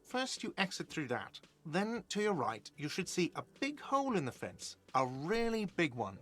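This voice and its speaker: A man's voice: sits high, huge pitch swings, normal speed, a bit bright, exaggerated voice. A man voicing an irritable, defensive bartender in a video game, speaking in a curt, exasperated way. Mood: sarcastic. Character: irritable, defensive male barkeep.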